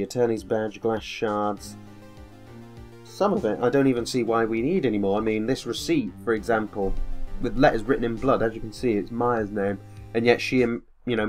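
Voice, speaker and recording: A man giving sardonic, rambling let's-play commentary with frequent swearing. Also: lowish voice. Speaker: game commentator.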